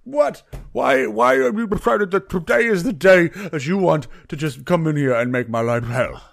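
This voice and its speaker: A man voicing Barry, an exasperated male innkeeper who has run out of patience, yelling in a high strained voice. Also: animated, moderate pace, creaky, dry recording, clean studio sound.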